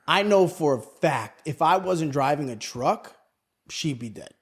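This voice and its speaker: Brief: lively New man, high and very expressive voice, podcast host telling stories. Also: measured pace. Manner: animated, swearing, acts out voices in his stories. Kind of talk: casual chat, storytelling.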